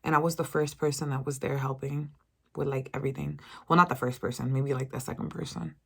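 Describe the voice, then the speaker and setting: Vlogger, woman, 20s, low-pitched, casual profane storytime rant with quoted voices. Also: a little fast, creaky, breathy edge. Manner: animated, profane, mimics others in a higher voice.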